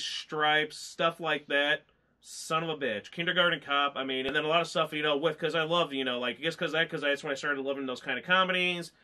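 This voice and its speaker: This man, a movie reviewer, is chatting casually with a mid-range, sharp-toned voice. He rambles and gets emotional, his speech full of fillers as he chokes up and becomes tearful.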